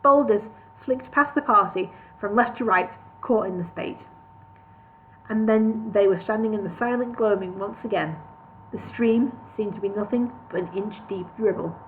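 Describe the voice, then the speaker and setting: A woman narrating a comic fantasy novel aloud, relaxed, with the odd slip and restart. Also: medium pitch, normal speed, a little hiss or hum. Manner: relaxed reading with slips and restarts. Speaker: reader of a parody novel. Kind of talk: storybook narration read live. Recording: tinny phone-like sound.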